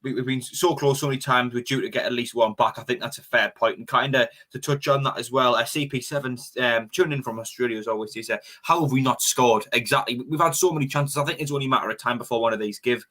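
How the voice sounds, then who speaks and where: A man, co-hosting a fan stream, reading out viewer comments in a relaxed way with lots of fillers. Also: medium pitch, fast talker, few pauses. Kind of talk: casual fan chat.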